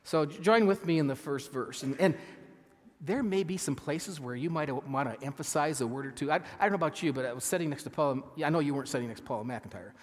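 A man delivers a sermon as pastor, earnest and a little halting, often restarting his sentences. His voice sits somewhat high for a man. When he reads scripture he slows down and leans on the words, and a long reverb hangs behind him as in a church sanctuary. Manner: earnest, halting with frequent restarts, reading scripture slowly with emphasis.

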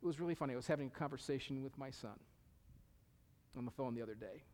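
A man's voice: medium pitch, fast talker, darkish tone. A middle-aged male pastor preaching a sermon, emphatic, repeating key phrases and sometimes dropping to a whisper. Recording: long reverb of a hall.

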